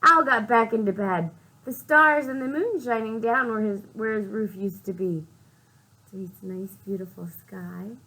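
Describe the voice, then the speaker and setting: A woman librarian reading a picture book aloud to young children, speaking slowly and expressively, asking the children questions and whispering for suspense. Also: mid-range voice, bright, forceful tone, rough recording.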